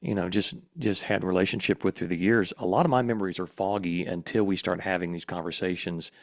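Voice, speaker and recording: Middle-aged male host, lowish voice, reflective and easygoing in conversation. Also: steady tone, brisk. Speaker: podcast host. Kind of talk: casual interview chat.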